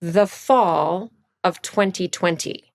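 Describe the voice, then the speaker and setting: A middle-aged woman from Virginia, a podcast guest, chatting casually and telling animated stories, leaping up in pitch for quoted lines. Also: takes it slowly, creaky. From Virginia, USA. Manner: animated storyteller, jumps high for quoted lines. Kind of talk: casual chat.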